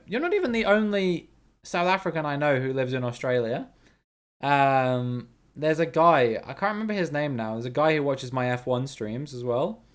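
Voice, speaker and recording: A man with a mid-range voice runs a relaxed livestream of a geography guessing game. He talks with his audience, calls out their names, laughs readily and curses from time to time.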